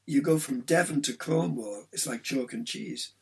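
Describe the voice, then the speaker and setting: An older man, a guest painter, telling stories in a casual chat with an animated, laughing manner. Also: mid-range voice, moderate pace, creaky, a loud crowd.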